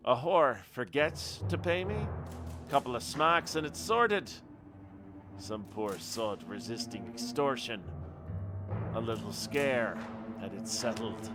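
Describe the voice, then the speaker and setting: A man voicing a menacing male mob boss in a put-on Irish accent, talking in a slow, cold, threatening drawl over game music. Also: mid-range voice, natural voice. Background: background game music.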